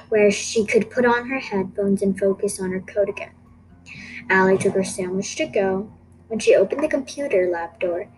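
A woman narrating a children's story with a steady, expressive reading. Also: medium pitch, poor audio.

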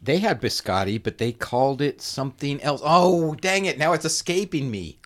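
A man's voice: fairly high pitch, expressive, normal speed, a bit bright. A man co-hosting a casual podcast, rambling and joking, often correcting himself. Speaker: podcast co-host. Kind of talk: casual chat.

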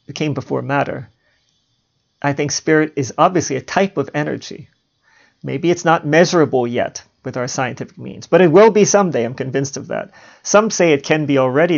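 A man hosting a podcast, musing on philosophy in a relaxed monologue and chuckling at his own asides. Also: a little high, vocal fry. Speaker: podcast host. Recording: dull lo-fi home recording.

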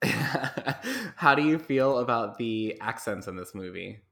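Bright-voiced man hosting a podcast. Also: medium pitch, takes it slowly, creaky. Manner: relaxed, quizzing the guest with playful mock-formal categories. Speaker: podcast host. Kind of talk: casual podcast chat.

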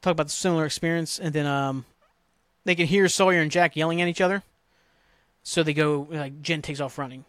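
A man's voice: a little high, fairly even intonation, brisk, fairly bright tone, no echo. A man hosting a podcast, casually recapping a TV episode in a rambling, profane, exasperated way. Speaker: podcast host.

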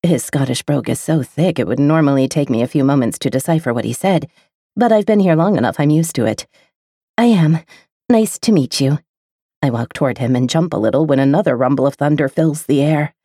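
A woman reading a first-person romance audiobook with an intimate, expressive delivery. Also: rumbling low, fast, dry recording, clean studio sound. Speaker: audiobook narrator.

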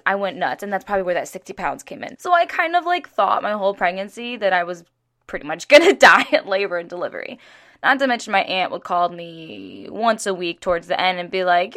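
A young woman in her twenties casually telling a personal story to camera, chatty and animated, laughing often and acting out what others said. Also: medium pitch. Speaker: vlogger.

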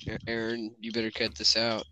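A man's voice: fairly low pitch, completely flat delivery, a little fast, sharp tone, smooth, no room sound. A teenage boy joking sarcastically while co-hosting a casual podcast. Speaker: podcast co-host. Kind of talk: casual chat.

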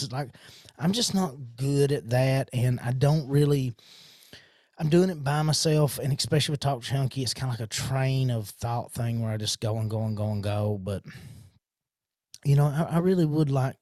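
A podcast host with a medium-pitched, slightly dark voice rambles through a casual train of thought into a studio mic, with no echo. He restarts often, leans on fillers, and calls his own accent horrible.

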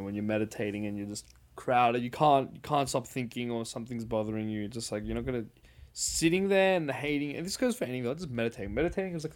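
A man hosting a podcast, chatting casually and telling rambling stories with swearing and filler words. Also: medium pitch. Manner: rambling, swearing, animated storytelling. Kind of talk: casual chat.

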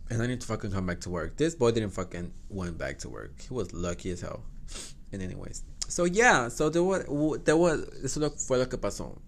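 Animated young man. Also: lowish voice, a little fast. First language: Spanish. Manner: animated, swears a lot, laughs often. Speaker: podcast host. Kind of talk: casual storytelling.

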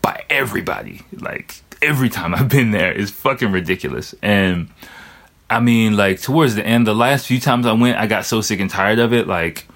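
A man's voice: on the low side, normal speed, fairly bright tone. A young man telling stories in a loose, casual monologue, swearing often and filling his talk with "like" and "you know.". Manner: loose, profane, heavy on filler words. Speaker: vlogger.

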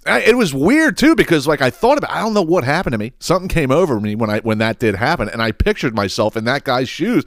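A man's voice: mid-range voice, big pitch swings, fast, few pauses, no echo, studio quality. A man hosting a podcast, telling a rambling, profane story in a casual monologue and laughing as he goes. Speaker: podcast host.

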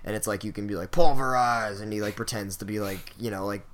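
Young man, slightly low voice, rambling and swearing. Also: flat delivery, fast, a little hiss or hum. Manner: loose, profane, filler-heavy storytelling. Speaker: podcast host. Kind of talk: casual chat.

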